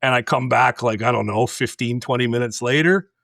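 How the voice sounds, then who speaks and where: A man's voice: medium pitch, brisk, creaky, fairly bright tone, dry recording, clean studio sound. A middle-aged man hosting a podcast, telling a story in a blunt, intense, direct way and acting out the dialogue. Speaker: podcast host. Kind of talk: casual storytelling chat.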